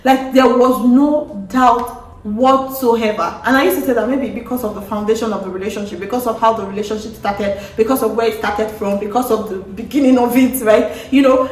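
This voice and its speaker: A young woman chats to her viewers in a lively storytelling vlog. Her voice sits fairly high. She jumps into the quotes she acts out. She sounds a little far from the mic in an echoey room. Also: normal speed. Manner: animated, acts out quotes with wailing and laughter. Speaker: vlogger. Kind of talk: casual storytelling to camera.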